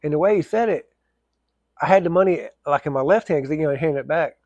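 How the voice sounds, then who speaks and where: A man's voice: fairly high pitch, quick pace, a little mellow, no room sound, dull audio. A man telling a casual, rambling story, full of fillers and restarts.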